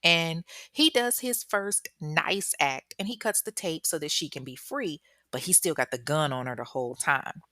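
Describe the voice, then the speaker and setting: A woman with a low voice recounts a true crime story in loose, profane slang, jumping into animated asides. The sound is dry and close, with no room echo. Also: moderate pace, few pauses. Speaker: true crime podcast host.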